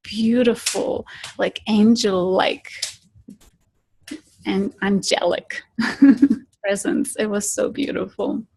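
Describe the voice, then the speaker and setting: A woman speaks as an interview guest, telling her stories in an earnest, gentle way. Her voice has a gravelly edge. A faint hiss sits under the recording. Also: mid-range voice, steady tone, slow pace, long pauses, poor audio. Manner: soft, earnest, drops to whispers in tense moments. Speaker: interview guest, spiritual guide. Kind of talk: storytelling in an interview.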